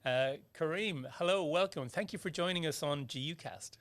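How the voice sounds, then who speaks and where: A man with an Irish accent hosting a medical podcast in casual chat, pausing often with fillers. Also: on the high side, a bit bright. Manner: hesitant, many fillers. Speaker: podcast host. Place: Melbourne studio.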